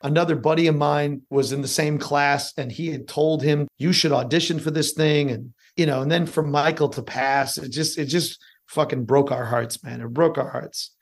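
Lively, swearing middle-aged guest. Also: male voice, on the high side, moderate pace, few pauses. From Chicago. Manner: lively storyteller, swears casually. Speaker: actor guest. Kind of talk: casual podcast chat.

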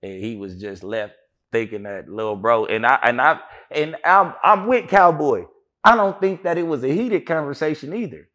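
A man's voice: medium pitch, lively intonation, normal speed, sharp tone, highs cut off. A man being interviewed, telling a long story in a rambling way, full of fillers and restarts, and acting out what others said. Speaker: interview guest. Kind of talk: casual storytelling.

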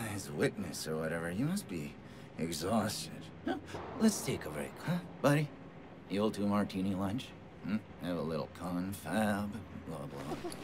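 A man's voice: low voice, sing-song, measured pace, noisy background. An actor playing a jovial, menacing male captor in a game, taunting and sarcastic in a chummy way. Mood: mocking. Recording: game audio under music.

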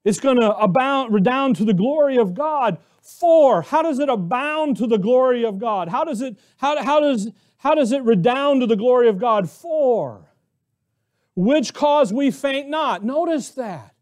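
High-voiced man preaching with rhetorical questions. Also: lively intonation, measured pace, darkish tone. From Arizona, US. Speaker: pastor. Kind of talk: sermon.

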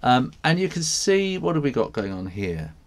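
An English man with a mid-range, sing-song voice hosts a live drawing stream at a moderate pace. He chats casually, reads viewer comments aloud and laughs often.

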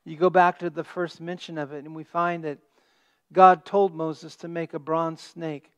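A man preaching a sermon as pastor, stressing key words and dropping to a hush at the ends of phrases. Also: fairly high pitch, flat delivery, normal speed, lo-fi sound. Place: church sanctuary.

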